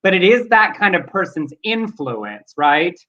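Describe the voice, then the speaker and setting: A man's voice: high-pitched, big pitch swings, unhurried, bright, forceful tone. Earnest male co-host, muffled audio. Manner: earnest, reflective. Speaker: talk show co-host. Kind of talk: casual news chat.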